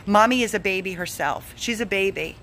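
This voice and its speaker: A woman's voice: medium pitch, brisk, a bit bright, slight background noise. A woman who heads an animal rescue, making an urgent, emotionally drained donation appeal and pleading over and over. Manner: pleading, repeats herself, begging.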